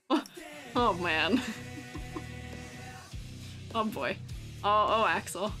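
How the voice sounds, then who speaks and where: A young woman streaming casually as a character design teacher, chatting with her viewers, giggling often and joking around playfully. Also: very slow. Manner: giggly and playful, laughs often, lively swings in pitch. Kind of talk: casual livestream chat reacting to chat. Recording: faint music in the background.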